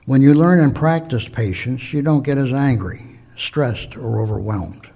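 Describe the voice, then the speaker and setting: Husky male preacher, measured sermon delivery, mid-range voice. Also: medium pitch, mellow. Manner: measured, slips and self-corrects, tells jokes.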